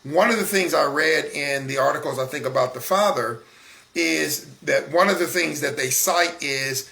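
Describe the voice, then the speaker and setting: A man's voice: on the high side, normal speed, creaky, pushed and bright. A man in his forties hosting a solo talk broadcast, speaking in a conversational, emphatic way with frequent fillers and restarts. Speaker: broadcast host. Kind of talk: solo talk show monologue.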